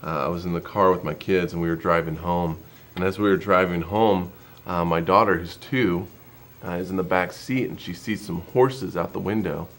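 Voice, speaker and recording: Give me a fairly low male pastor chatting casually in a TV studio. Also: steady tone, normal speed, fairly bright tone. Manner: anecdotal storytelling with fillers. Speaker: pastor, co-host.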